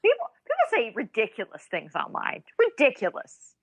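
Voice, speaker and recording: Female co-host, casual chat, high and lively pitch, teasing, dry close mic. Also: moderate pace, creaky, breathy edge. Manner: laughs often, teasing. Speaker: podcast co-host.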